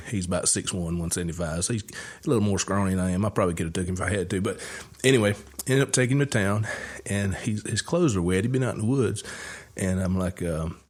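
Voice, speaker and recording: A man's voice: deep voice, darkish tone. A man hosting a podcast, telling a story in a rambling, folksy way with many fillers. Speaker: podcast host. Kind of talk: casual storytelling chat.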